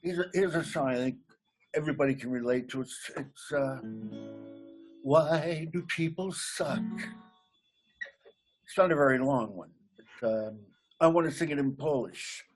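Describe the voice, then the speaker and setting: A man's voice: mid-range voice, a little fast, soft background music. A man from Massachusetts, a comedian guest chatting loosely in an interview and laughing at his own gags. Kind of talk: casual interview chat.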